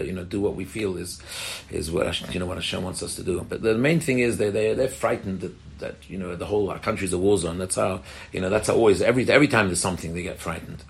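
A man's voice: deep voice, gravelly, slight background noise. A middle-aged man from England, a rabbi giving an earnest Torah talk to women, answering questions and often restarting his phrases. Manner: earnest, repeats and restarts phrases, explains plainly.

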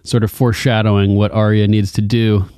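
A man's voice: lowish voice, little pitch movement, brisk, dark tone, clear, resonant tone, dry recording, clean studio sound. A man co-hosting a podcast in casual chat, playful and adding wry quips. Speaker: podcast co-host.

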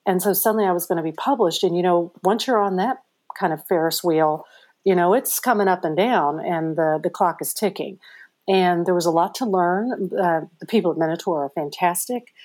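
Chatty low-voiced middle-aged woman. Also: moderate pace. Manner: chatty, animated storytelling with many fillers. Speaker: author guest. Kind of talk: conversational interview answers.

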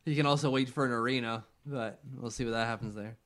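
A man's voice: mid-range voice, fairly even intonation, quick pace, fairly bright tone. A young man co-hosting a casual sports chat, joking and acting out silly voices as he talks. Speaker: podcast co-host.

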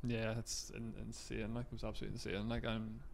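A man, a comedian talking casually in a quick, rambling way and laughing often. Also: fairly low pitch, monotone, creaky. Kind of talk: casual chat.

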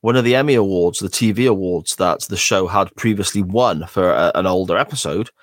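A man's voice: deep voice, brisk, no echo, studio quality. A man co-hosting a podcast in casual chat, blunt, jokey and opinionated. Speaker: podcast co-host.

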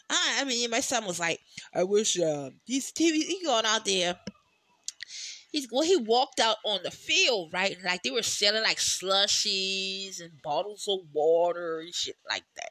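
A chatty solo podcast host with a bright, forward tone and a mid-range voice, recorded close and dry with no room sound. They tell loose stories, swear freely and laugh along the way. The talk wanders through plenty of "you know"s. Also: mid-range voice, no room sound. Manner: talks in rambling asides with many "you know"s. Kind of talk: casual solo podcast chat.

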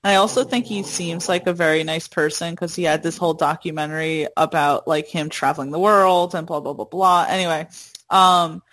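A woman's voice: deep voice, fairly even intonation, a little fast, a bit bright. A woman co-hosting a podcast, rambling casually with lots of fillers. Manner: rambling, full of "like" and "blah blah". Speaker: podcast co-host. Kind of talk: casual chat.

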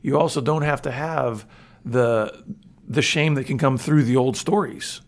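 Gravelly man thinking aloud. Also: medium pitch. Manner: reflective, halting, with frequent restarts and fillers. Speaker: co-host. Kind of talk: faith-based podcast conversation.

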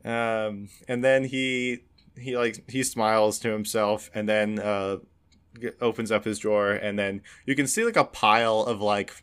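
A man's voice: lowish voice, steady tone, measured pace, a bit bright, smooth. A man running a tabletop game as game master, rambling with many fillers and restarts, laughing often.

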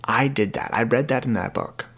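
A man's voice: mid-range voice, moderate pace, gravelly, fairly bright tone, breathy edge. A young man hosting his own podcast in a casual, rambling, earnest way, often repeating words as he talks. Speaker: podcast host. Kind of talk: casual solo podcast talk.

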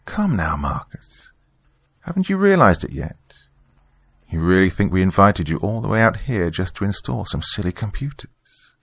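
A man's voice: low-pitched, very animated, normal speed, gravelly, a bit bright, husky, dry recording, pitched above the performer's own voice, heavily acted. A man voicing a sinister woman cult leader who speaks in a mocking, condescending way. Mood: taunting.

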